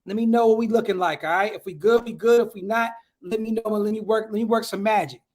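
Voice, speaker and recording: A man hosting a casual livestream podcast outdoors at home, talking in hyped slang and giving shout-outs to viewers. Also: sits high, fairly even intonation, quick pace. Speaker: podcast host.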